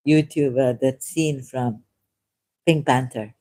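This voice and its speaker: A woman speaks unscripted on her livestream in a low, mellow voice. She talks slowly and haltingly. She often breaks off to correct herself and laughs along the way. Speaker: livestream host.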